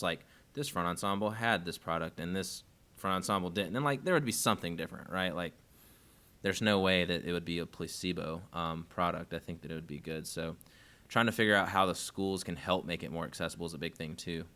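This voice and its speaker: Low-voiced dude hosting a podcast, bright tone, rambly, lots of likes and ums. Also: male voice, a little fast. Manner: rambling, thinks aloud with many fillers. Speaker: podcast host. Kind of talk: casual podcast chat.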